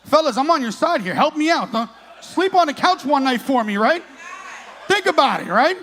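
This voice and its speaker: A man's voice: very high voice, sing-song, normal speed, a bit bright, a little hiss or hum. A man in his late thirties doing a crude, profane stand-up comedy set on a comedy club stage, working the crowd. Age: 30s.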